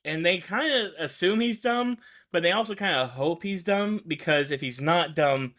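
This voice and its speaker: A man hosting a show chats casually about films, rambling with lots of fillers and restarts and laughing often. His voice is high-pitched and fairly bright, delivered at normal speed.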